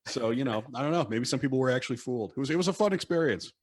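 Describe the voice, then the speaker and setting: A man's voice: mid-range voice, lively intonation, very fast, slightly rough. A man co-hosting a casual podcast chat, telling stories in a rambling, self-interrupting way. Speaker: podcast co-host.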